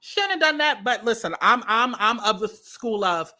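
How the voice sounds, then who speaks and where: A woman's voice: a little high, animated, moderate pace, pushed and bright. A woman hosting casual commentary on a viral video, blunt and sassy, repeating lines for emphasis. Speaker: commentary host.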